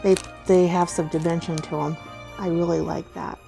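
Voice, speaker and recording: A middle-aged woman chatting casually as she unboxes giveaway gifts, gushing with excited oohs and soft gasps. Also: lowish voice, normal speed, vocal fry, soft background music. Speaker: vlogger unboxing a giveaway box.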